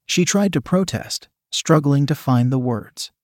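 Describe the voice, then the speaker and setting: A man reads an adult story aloud in a steady, even way. His pitch sits in the middle, and the recording is dry and close, with no room sound. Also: measured pace, hardly any pauses, no echo. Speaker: narrator. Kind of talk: adult audiobook narration.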